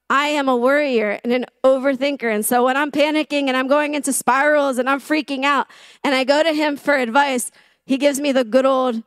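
A woman's voice: sits high, moderate pace, dry recording. A woman who teaches English giving a chatty, conversational sermon, often asking the listeners questions and poking fun at herself. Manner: chatty, self-deprecating, asks the room questions.

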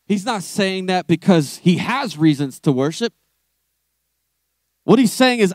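A young man delivering a sermon with a strikingly high voice. He builds through repeated lines and breaks into shouts. The sound is close and dry, with no room around it. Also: expressive, measured pace, long pauses, no room sound. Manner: impassioned preaching, rising to shouts. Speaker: pastor.

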